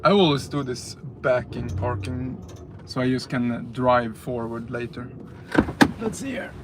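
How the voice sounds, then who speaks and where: The voice is mid-range with lively intonation, a little slow, set against heavy background noise. He's a livestreamer chatting and joking with viewers from his car and then in a large grocery store, recording on a handheld phone.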